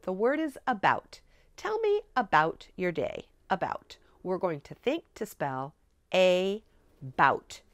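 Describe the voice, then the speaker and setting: A woman training teachers in a spelling method, explaining clearly and deliberately in a coaching tone. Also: fairly low pitch, huge pitch swings, fairly bright tone, no room sound. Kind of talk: instructional teaching demonstration.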